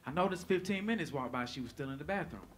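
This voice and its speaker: A man doing stand-up comedy, telling a story in an animated, profane way and acting out the lines of people in it. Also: a little high, fast talker. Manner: animated, profane, acts out quotes.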